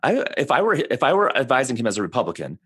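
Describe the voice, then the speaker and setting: A man discussing politics as a podcast guest, rambling at times and trailing into lively asides. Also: medium pitch, fast talker, slightly rough, no room sound, clean studio sound. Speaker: communications expert guest.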